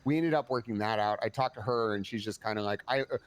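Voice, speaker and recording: A man's voice: lowish voice, fast. A tired man playing a police commander in a game roleplay, telling a long story in a rambling way, swearing and restarting often. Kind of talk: in-character roleplay chat.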